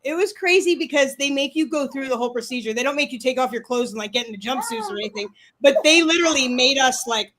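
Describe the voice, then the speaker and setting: A young adult woman, a podcast guest, telling stories in fast, rambling, profane casual chat. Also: high voice, lively intonation, fairly bright tone.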